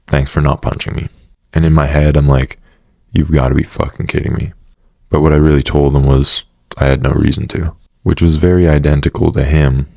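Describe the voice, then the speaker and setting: A man's voice: rumbling low, dark tone, no room sound, clean studio sound. A young man casually telling a personal story, swearing often and laughing now and then. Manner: casual, profane, laughing asides.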